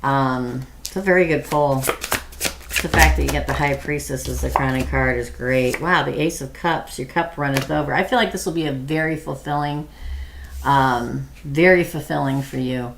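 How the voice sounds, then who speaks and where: Low gravelly-voiced woman doing tarot readings. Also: moderate pace, slight background noise. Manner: chatty, thinking aloud with many ums; reads viewer questions aloud and answers them. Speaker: tarot reader. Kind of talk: live tarot reading for viewers.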